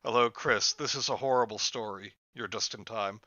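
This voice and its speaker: A man's voice: normal speed, sharp tone, no room sound, lo-fi sound. A man hosting a mocking comedic reading of a story with friends, often breaking into laughter. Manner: mocking, breaks into laughter, jumps high for exaggerated lines. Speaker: host reading a story aloud.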